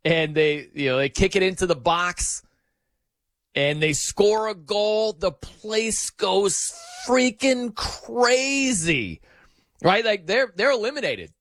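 Male sports radio host, lively, high-ish voice, dry close mic, animated storytelling. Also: takes it slowly, no echo. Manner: animated, excitable storytelling with dramatic pitch swings. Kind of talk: casual sports talk monologue.

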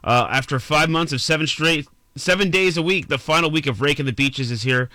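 Bright, lively male radio host. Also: on the high side, no room sound. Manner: reads listener messages aloud quickly and playfully. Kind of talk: morning radio shout-outs.

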